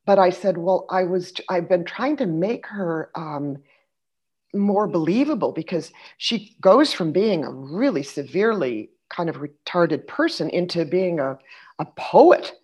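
A middle-aged woman telling stories in a casual conversation, animated, acting out the people she quotes and dropping into soft asides. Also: fairly low pitch, unhurried, husky. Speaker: podcast guest, actress.

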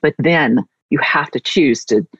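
A middle-aged woman author talks in a heartfelt, reflective way with a husky tone. Her voice comes through dry and slightly dull, like a remote recording. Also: low-pitched, measured pace, no echo. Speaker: author guest. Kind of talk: conversational interview.

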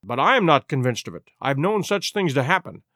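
A man voicing a calm, shrewd male detective who reasons in a measured, cool way. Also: fairly high pitch, dry recording, clean studio sound, pitched below the performer's own voice.

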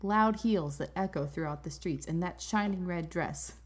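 Female podcast co-host, husky and breathy; teasing banter, story reading. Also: lowish voice, moderate pace.

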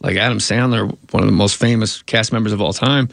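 A man's voice: on the low side, fairly even intonation, fairly quick, vocal fry, dry recording, studio quality. A man, a comedian and actor, telling rambling anecdotes in a casual interview, often cutting himself off.

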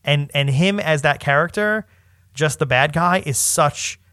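A man's voice: on the high side, unhurried, no room sound. Rambling male podcast co-host, dry sound. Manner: rambling, self-interrupting, animated quoting. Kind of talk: casual chat.

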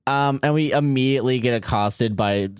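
A man's voice: medium pitch, normal speed, clean tone, no room sound, clean studio sound. A man co-hosting a podcast in casual chat, laid-back, swearing often and filling with "like". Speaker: podcast co-host.

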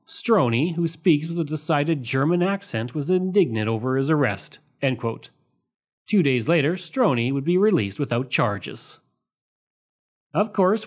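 A man hosts a history podcast, delivering scripted narration at a measured pace in a medium-pitched voice. When he cites sources, he marks them aloud with "quote" and "end quote."

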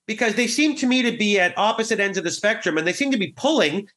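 Econ prof guy, high bright voice, frustrated and critical. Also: expressive, fast talker. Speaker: economics professor guest. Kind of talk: radio interview.

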